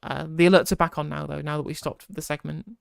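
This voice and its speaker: A woman co-hosting a livestream, making dry quick quips and reading out subscriber thanks. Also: deep voice, little pitch movement, vocal fry, clear, resonant tone, dry recording. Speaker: livestream co-host. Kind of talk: casual livestream chat.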